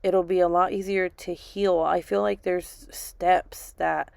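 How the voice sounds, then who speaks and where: A woman with a low-set voice and a gravelly edge, sharing personal news in a casual vlog. She is a subdued, grieving mother who talks haltingly, stops mid-thought and starts over. The sound is close and dry. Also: steady tone, dry recording. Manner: halting, restarts and repeats herself, lots of fillers. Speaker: vlogger and mother.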